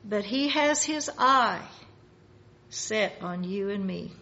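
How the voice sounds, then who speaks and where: A woman preaching a sermon in a slow, measured way, rising in force for emphasis. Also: medium pitch, expressive, creaky, pushed and bright, highs cut off.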